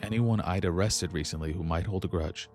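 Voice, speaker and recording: A man narrating a first-person horror story in a measured, tense delivery, with soft music behind him. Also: low-pitched. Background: faint instrumental music.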